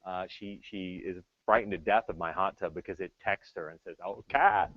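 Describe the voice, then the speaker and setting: A middle-aged man giving a tech talk, telling stories in an animated, joking way. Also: sits low, fairly quick, slightly rough, no echo, highs cut off. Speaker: tech speaker. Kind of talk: storytelling keynote talk.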